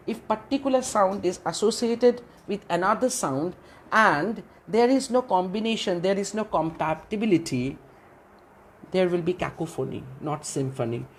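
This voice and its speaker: A woman's voice: on the low side, moderate pace, breathy edge. A woman giving a literature lecture, who asks questions and answers them herself and often repeats phrases. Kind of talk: classroom lecture.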